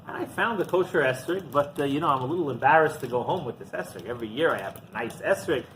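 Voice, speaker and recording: A man's voice: mid-range voice, quick pace, a little hiss or hum, rough recording. A man who is a rabbi telling a story in a sermon, acting out the dialogue. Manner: animated storyteller, acts out dialogue.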